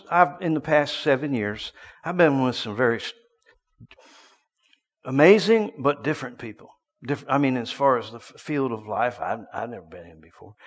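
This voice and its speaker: Preacher in a reverberant hall. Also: male voice, mid-range voice. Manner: storytelling, swinging from hushed to loud bursts. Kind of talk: sermon.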